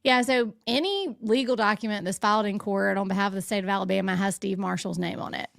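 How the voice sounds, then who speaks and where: A woman speaking as a state legal official in an interview, measured and conversational. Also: medium pitch, gravelly, a bit bright, dry recording, studio quality. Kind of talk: interview answer.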